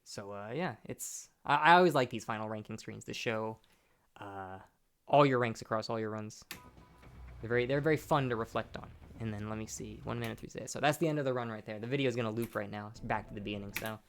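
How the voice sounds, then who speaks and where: A young man who hosts a gaming channel talks through gameplay in a lowish, fairly quick voice. Tipsy and burping, he rambles with frequent restarts and fillers, and his lo-fi mic clips badly.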